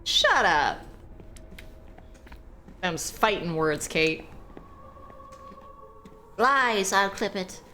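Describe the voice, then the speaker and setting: A woman streamer giving casual, animated commentary while playing a horror game, swearing, laughing and chatting with viewers. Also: mid-range voice, very slow, pauses often, a little hiss or hum.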